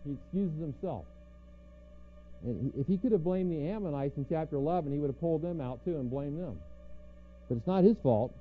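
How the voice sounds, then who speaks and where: A man preaching a conversational sermon, teaching verse by verse and asking rhetorical questions. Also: a little high. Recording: tinny phone-like sound with faint music.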